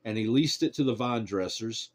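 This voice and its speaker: A man giving a plain scripture reading in a steady, measured cadence. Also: mid-range voice. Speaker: Bible reader.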